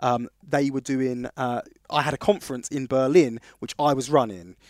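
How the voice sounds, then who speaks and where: A man co-hosting a podcast, telling long stories full of restarts and asides. His voice sits at an average pitch, and the recording is dry and close. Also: steady tone, normal speed, a little mellow, no room sound. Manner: rambling anecdotes with restarts. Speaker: podcast co-host. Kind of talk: casual storytelling chat.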